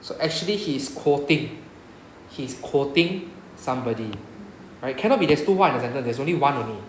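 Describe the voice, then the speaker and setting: A man's voice: medium pitch, lively intonation, fairly quick, reverberant, a little hiss or hum, low-quality recording. A man with a Singaporean English accent, teaching a Japanese class and explaining patiently, often checking with "right?". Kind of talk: classroom lecture.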